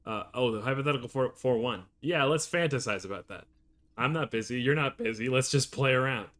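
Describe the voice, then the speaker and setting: A man's voice: mid-range voice, a little fast, a bit bright. A male streamer chatting casually while playing a game, reacting aloud and laughing often. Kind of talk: casual gameplay commentary.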